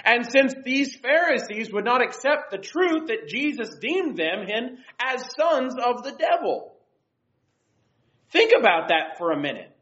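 A woman's voice: on the high side, big pitch swings, a little slow, a bit bright. A young woman giving an earnest devotional Bible lesson and reading scripture aloud. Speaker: Bible teacher. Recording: dull lo-fi recording.

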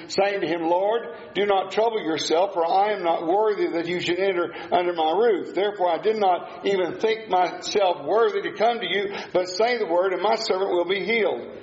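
A man preaching a sermon at a Bible study, emphatic and given to repeating key phrases. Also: high voice. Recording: echoey room, dull lo-fi sound.

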